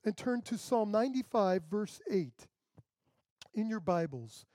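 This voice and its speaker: A man's voice: high-pitched, expressive, a little slow, a little mellow, dry recording. A male pastor preaching a sermon in a conversational way, acting out the people he quotes.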